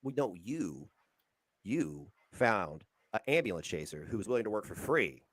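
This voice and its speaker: A man's voice: on the low side, big pitch swings, moderate pace, fairly bright tone, breathy edge, no echo, clean studio sound. A man co-hosting a livestream, ranting heatedly and swearing as he lectures someone. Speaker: livestream co-host. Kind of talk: casual livestream chat.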